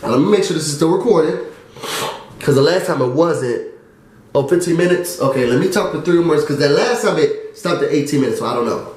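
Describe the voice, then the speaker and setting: A man recapping a TV show in a casual, excitable chat, trailing off with fillers. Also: on the high side. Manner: chatty and excitable, drops fillers and "da, da, da". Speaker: TV recap vlogger. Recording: very echoey room.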